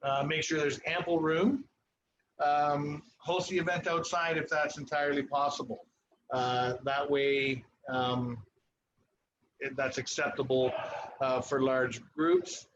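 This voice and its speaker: A man, a chef and cooking instructor, giving a relaxed live cooking demonstration in a ski club kitchen, pausing often as he explains. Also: on the high side. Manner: relaxed, instructive, with frequent pauses. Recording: muffled online stream with background noise.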